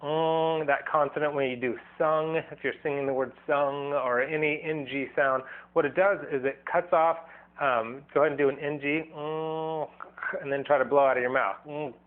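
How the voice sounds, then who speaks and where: A man's voice: fairly high pitch, steady tone, moderate pace. Man teaching singing through a tinny line. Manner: loose, rambling, restarts his sentences; demonstrates vocal sounds as he explains. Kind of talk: casual vocal lesson video. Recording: thin, phone-like band.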